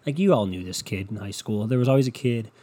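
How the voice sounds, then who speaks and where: A man's voice: lowish voice, lively intonation, quick pace, warm tone, breathy edge. Foul-mouthed young man ranting casually. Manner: profane, loose, storytelling. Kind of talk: casual rambling rant.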